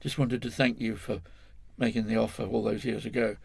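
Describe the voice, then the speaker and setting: An older Englishman recounting an old story to an interviewer, wandering and correcting himself as he goes. His voice is gravelly and slightly husky. The sound is close and dry. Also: lowish voice, little pitch movement, a little fast, a little mellow, no echo. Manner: rambling, self-correcting, chuckling storyteller. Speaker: guest.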